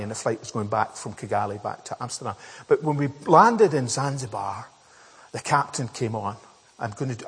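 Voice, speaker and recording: A man's voice: medium pitch, husky. A man preaching a sermon, telling a personal story in a chatty, self-mocking way with many fillers and restarts. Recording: echoey hall with long reverb.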